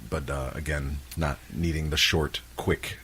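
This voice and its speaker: A man's voice: rumbling low, flat delivery, a little slow, bright, forceful tone, a little hiss or hum. A man hosting a podcast, joking and narrating comic bits in casual chat. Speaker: podcast host.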